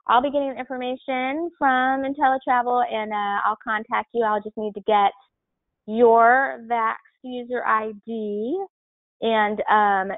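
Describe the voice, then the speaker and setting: A woman's voice: fairly high pitch, dry recording. Helpful woman presenter on a tinny line. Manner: clear, helpful, explanatory. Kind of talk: webinar Q&A explanation. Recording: tinny phone-line sound, dry.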